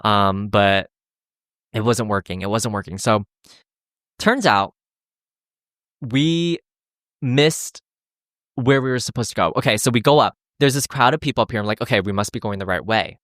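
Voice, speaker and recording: A podcast host spins a story in a loose, chatty way, jumping into quoted voices and cursing often. The voice sits at a middling pitch and is recorded close and dry, with no room sound. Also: normal speed, long pauses, no room sound. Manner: animated, acts out quotes, swears freely. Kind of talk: casual storytelling monologue.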